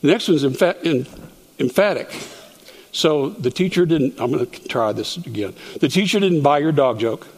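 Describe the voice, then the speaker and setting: A man's voice: on the high side, animated, normal speed, a little mellow, husky. A man leading a Bible study lesson in a chatty way, dropping self-deprecating jokes. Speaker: Bible teacher. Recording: long hall reverb.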